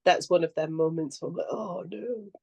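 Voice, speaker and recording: A young woman with a slightly low voice chats casually on a podcast and tells stories with plenty of animation. She laughs freely and puts on little voices for the people in her stories. It sounds like relaxed, unscripted conversation between friends. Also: fast talker, lo-fi sound. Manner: animated storyteller who acts out quotes and laughs often. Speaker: actor and podcast co-host.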